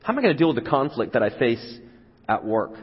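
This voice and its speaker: A man's voice: mid-range voice, big pitch swings, fast talker, breathy edge. A man preaching a sermon in a casual, conversational way, sometimes acting out the voices of the crowd. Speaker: pastor. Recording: dull sound with long hall reverb.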